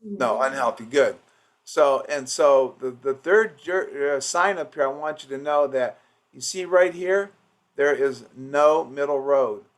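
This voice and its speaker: A man's voice: medium pitch, unhurried. A man coaching office staff in an informal training session. He rambles with restarts and acts out patient quotes.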